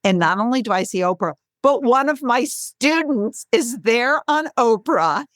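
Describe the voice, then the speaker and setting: Animated storytelling woman in her sixties. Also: unhurried, no echo, clean studio sound. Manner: animated, acts out quotes with bright pitch jumps, laughs often. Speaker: guest, author and speaker. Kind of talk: conversational storytelling.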